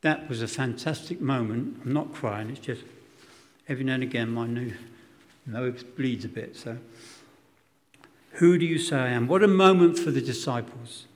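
A man's voice: mid-range voice, moderate pace. A man preaching a sermon, dramatic and emphatic, acting out quotes, with self-deprecating humour. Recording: long hall reverb.

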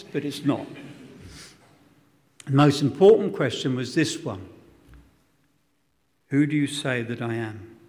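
A man preaching a sermon, dramatic and emphatic, acting out quotes, with self-deprecating humour. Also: a little high. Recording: long hall reverb.

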